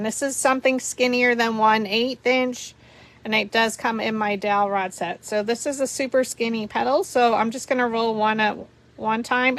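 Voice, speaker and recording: A woman hosting a live paper flower tutorial, talking through each step as she works and chatting and laughing with viewers. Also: a little high. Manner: chatty, giggly, talks through steps while working.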